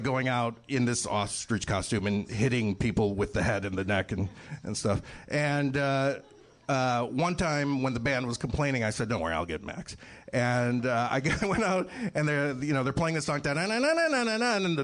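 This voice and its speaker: A man's voice: medium pitch, fairly bright tone. A man telling a rambling comic story on a live podcast, laughing often and restarting his sentences. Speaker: guest comedian.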